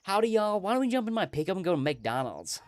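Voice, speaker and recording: A man putting on a loud southern american guy. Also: sits high, sing-song, soft background music, pitched above the performer's own voice. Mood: hammy. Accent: mock American Southern. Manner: emphatic, drawn-out and louder than his own voice. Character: loud exaggerated American country man, brash.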